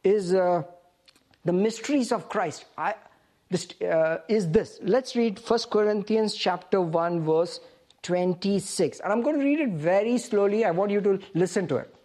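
A woman's voice: mid-range voice, measured pace, dark tone. A woman preaching a sermon, reading scripture aloud and asking the congregation questions.

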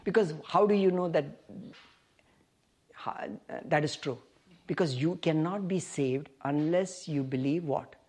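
A woman's voice: low voice, unhurried, darkish tone. A woman preaching a sermon, reading scripture aloud and asking the congregation questions.

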